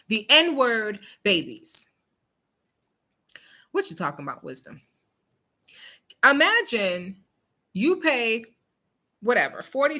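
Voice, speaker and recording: Emphatic woman with a lively voice. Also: mid-range voice. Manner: emphatic, rhetorical questions, frequent "okay?" check-ins. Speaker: show host. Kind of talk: casual commentary on news stories.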